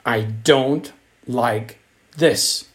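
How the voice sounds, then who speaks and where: A man's voice: medium pitch, drawn-out words, pitched below the performer's own voice. A man voicing a young boy who is stubborn and easily frightened, in a storybook reading, with a pleading, whiny child voice.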